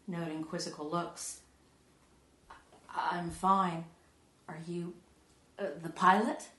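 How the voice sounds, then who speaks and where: Woman poet reading her stuff real slow, lowish voice, soft and hushed, echoey room. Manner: measured, soft, often dropping to a hush. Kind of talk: poetry reading to an audience.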